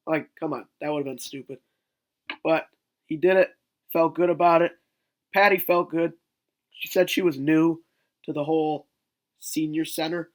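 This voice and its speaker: A man telling a story in a rambling, joking way on a casual vlog, swearing now and then. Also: on the high side. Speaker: vlogger.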